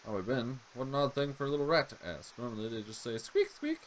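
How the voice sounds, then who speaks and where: A man's voice: medium pitch, expressive, fast talker, a little hiss or hum, natural voice. A man voicing a sneering, unstable adult sister as he reads game dialogue aloud, in a mocking, taunting way.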